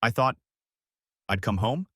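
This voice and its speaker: A man's voice: medium pitch, animated, unhurried, sharp tone, slightly rough, no echo, studio quality, full character voice. A man reading a desperate cheating wife. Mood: pleading. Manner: pleading, then cold and bitter. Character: desperate unfaithful wife, prosecutor.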